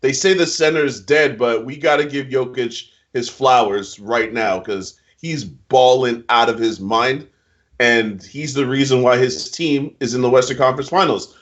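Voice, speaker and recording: Emphatic slangy man, muffled audio. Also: normal speed. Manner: emphatic, slangy, animated opinions. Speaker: NBA picks co-host. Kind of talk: casual sports chat. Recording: muffled low-fidelity audio.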